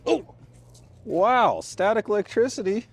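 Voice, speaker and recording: A man's voice: high-pitched, lively intonation, measured pace, vocal fry, faint music behind. Folksy man grumbling through a chore. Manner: grumbling, talks to himself while working; folksy and informal. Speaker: RV vlogger. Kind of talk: casual vlog talk. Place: inside an RV. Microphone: handheld mic.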